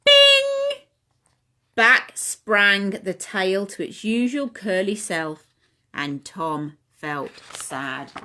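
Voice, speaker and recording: Brief: playgroup leader reading a picture book, bright and very animated. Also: female voice, mid-range voice. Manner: asks children questions, sing-song. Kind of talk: storytime reading for toddlers. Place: home.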